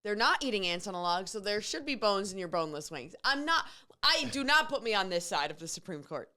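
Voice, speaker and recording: A woman co-hosting a morning show, chatting playfully and dropping quick interjections. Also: mid-range voice, big pitch swings, sharp tone. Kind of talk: casual radio show banter.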